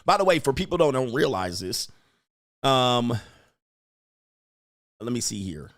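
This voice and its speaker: A man's voice: medium pitch, sing-song, measured pace, fairly bright tone, no echo, clean studio sound. A man hosting a livestream, riffing in slangy talk, laughing often and mimicking people. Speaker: host and commentator. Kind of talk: livestream commentary.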